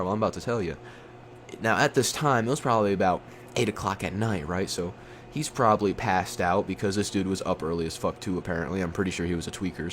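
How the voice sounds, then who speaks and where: A young man with a lowish voice tells a story casually, rambling and swearing freely as he goes. He jumps up in pitch whenever he acts out quoted lines. A faint hum of room noise sits behind him. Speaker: storytime YouTuber.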